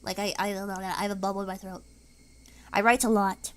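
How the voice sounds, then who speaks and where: A young woman streamer chatting casually and wordily, her pitch swooping up and down a lot. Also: level tone, normal speed, slight background noise. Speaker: VTuber streamer. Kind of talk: casual live-stream chat.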